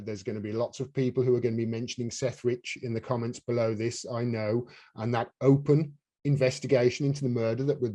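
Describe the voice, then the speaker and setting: A man's voice: mid-range voice, mellow. Heated, indignant man hosting a chat. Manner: heated, indignant, swears freely. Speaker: podcast host. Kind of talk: casual political chat.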